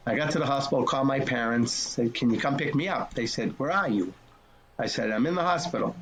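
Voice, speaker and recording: A man's voice: medium pitch, fairly quick, a bit bright. A man in his sixties, a race director, telling folksy, earnest stories and acting out old conversations. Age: 60s. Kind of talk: storytelling interview.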